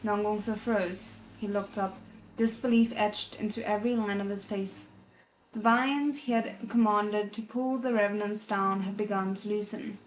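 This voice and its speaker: A woman reading a novel aloud as a readalong host, soft and measured, breaking off to react with feeling. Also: medium pitch, steady tone, a little hiss or hum. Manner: emotionally invested, breaks off to react.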